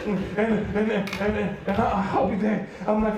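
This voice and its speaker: High-voiced preacher in an echoey hall. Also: male voice, moderate pace, hardly any pauses, crowd noise. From United Kingdom. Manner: animated, acts out voices, laughs often. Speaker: youth preacher. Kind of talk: storytelling sermon. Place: large hall at a school rally. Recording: echoey hall, distant mic.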